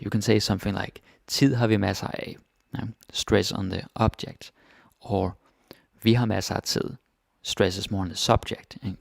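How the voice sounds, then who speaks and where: Casting: male language tutor, low gravelly voice, laid-back and chatty, dry close sound. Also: dry recording. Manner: relaxed, chatty, keeps asking "right?". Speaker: Danish language teacher. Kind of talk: casual grammar lesson.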